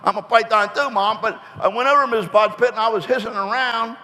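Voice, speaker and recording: A stubborn little python boy whines and pleads his case, voiced by a man. He sits a little above the man's usual pitch, and a long hall reverb hangs behind him. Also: steady tone, quick pace, bright, forceful tone. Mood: pleading.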